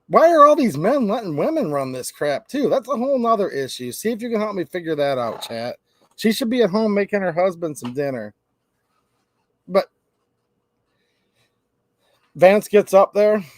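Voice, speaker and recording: A man's voice: a little high, no echo. Brash ranting man on a livestream. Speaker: host. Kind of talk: casual livestream commentary.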